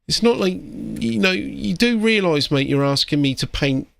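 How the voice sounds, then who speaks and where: A man's voice: high voice, expressive, normal speed, vocal fry, fairly bright tone, no echo. A British man who paints miniatures chats casually on a live stream, ranting and swearing, with "like" and "mate" in every sentence.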